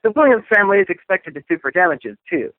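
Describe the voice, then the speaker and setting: A man's voice: sits high, sing-song, quick pace, no room sound. Wry man reading news on a phone line. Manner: reads news items with wry asides. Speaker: news show co-host. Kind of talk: casual news commentary. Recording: tinny phone line, dry.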